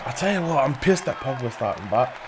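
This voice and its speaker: A man's voice: medium pitch, sing-song, quick pace, crowd noise. A young man hosting a football watchalong, chatting casually and passionately with frequent swearing. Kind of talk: casual live match commentary.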